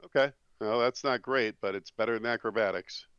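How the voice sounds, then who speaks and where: A man's voice: fairly low pitch, brisk, a bit bright, clear, resonant tone, no room sound. A man playing a tabletop game, talking casually and hesitantly with stammers. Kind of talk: casual chat. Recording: dull lo-fi recording.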